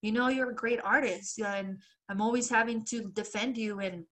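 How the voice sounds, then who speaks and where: A woman co-host telling a rambling story on a podcast in a slightly high voice. She acts out the quoted lines with lively jumps and swears casually between them. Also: normal speed. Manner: animated retelling, acts out quoted voices, laughs often; loose swearing and filler.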